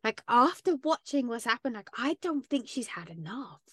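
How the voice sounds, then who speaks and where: A woman's voice: a little high, big pitch swings, moderate pace, a bit bright, husky, no room sound, clean studio sound. A woman co-hosting a podcast, chatting casually and recapping reality TV with blunt swearing and exasperation. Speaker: podcast co-host. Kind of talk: casual chat.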